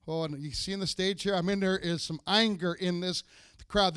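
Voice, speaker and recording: A man with a high, bright voice preaches a sermon to his congregation. He reads scripture aloud and builds into emphatic bursts, and his voice sounds close and dry. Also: steady tone, moderate pace, clean tone, no room sound. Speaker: pastor.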